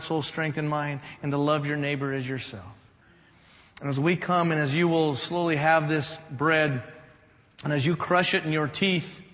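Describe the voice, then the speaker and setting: A man in a pastor's role preaches a storytelling sermon, rising to loud emphasis and dropping to a hush. His voice sits a little high for a man. The sound is dull and carries a long reverb from a large church hall. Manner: storytelling, swings from loud to hushed. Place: church sanctuary.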